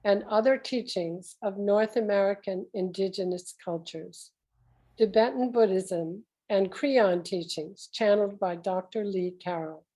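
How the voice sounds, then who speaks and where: A woman moderator reading a formal introduction of the next speaker in a measured way. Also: medium pitch, dark tone, low-quality recording. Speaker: event moderator.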